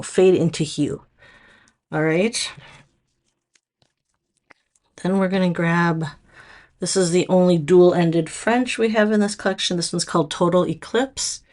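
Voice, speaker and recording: Slow, low-voiced Minnesotan woman. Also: darkish tone. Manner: chatty, loose, lots of fillers and restarts. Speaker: nail product stylist. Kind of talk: casual product showcase.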